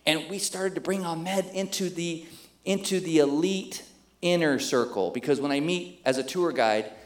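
Middle-aged guy pastor preaching a story, kinda high voice, big echoey room, acts out voices. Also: normal speed. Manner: animated, acts out quoted voices. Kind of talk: sermon storytelling.

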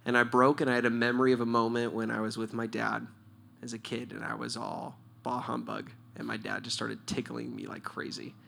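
A man with a bright, forward voice teaches in a loose, conversational way. He leads a church question-and-answer session and tells personal stories with lively energy. He breaks into laughter often. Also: medium pitch, fairly quick, creaky. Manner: animated, storytelling, laughs often. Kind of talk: casual spoken teaching.

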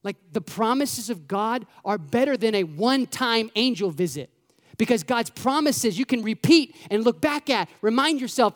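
A man preaches a sermon with a high, light voice. He talks in a lively, conversational way and keeps asking his listeners rhetorical questions. His voice rings out with a long reverb from a large room. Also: moderate pace. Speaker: pastor.

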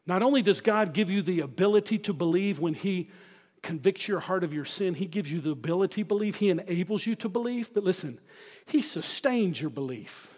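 A pastor preaching a sermon, emphatic and full of rhetorical questions put to the congregation. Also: male voice, high voice, a little mellow, in a large hall.

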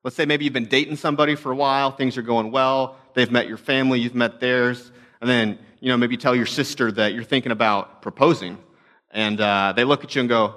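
A man's voice: mid-range voice, fairly even intonation, brisk, fairly bright tone. A young adult man, a pastor, telling stories in a conversational, self-deprecating sermon talk.

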